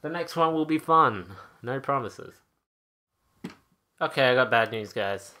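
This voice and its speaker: A man's voice: mid-range voice, animated, unhurried, sharp tone. Young man ranting angrily over gameplay. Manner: profane, exasperated ranting. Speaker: gaming channel host. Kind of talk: angry gameplay rant.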